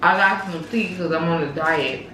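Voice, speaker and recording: A woman's voice: fairly low pitch, normal speed, bright, forceful tone, slight background noise. A young woman chatting and teasing in casual slang while eating on camera, in an echoey room far from the mic. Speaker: mukbang vlogger.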